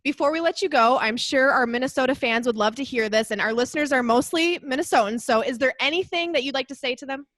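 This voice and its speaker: A woman's voice: sits high, fast talker, few pauses, a bit bright. A woman co-hosting a casual podcast, teasing the guest and laughing often. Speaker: podcast co-host. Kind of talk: casual interview chat.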